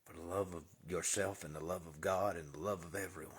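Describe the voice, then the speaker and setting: Deep husky man giving a spiritual talk. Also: fairly even intonation, brisk. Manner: earnest, drops to a whisper for emphasis. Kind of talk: casual spiritual monologue.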